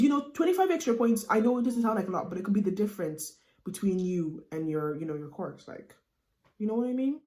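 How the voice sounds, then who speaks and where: Her voice on the low side and the sound reverberant, a young Irish woman in her late teens vlogs as a student, chatting casually and animatedly to camera. She uses lots of fillers like "you know what I mean."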